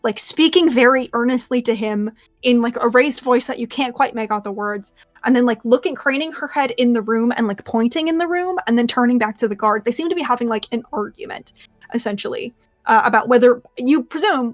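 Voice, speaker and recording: A young woman runs a tabletop game, describing scenes in a relaxed, rambling way with lots of "like" and "sort of". Her voice sits a little high, and soft music plays behind her. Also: brisk. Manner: casual, filler-heavy, lots of "like". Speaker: game master.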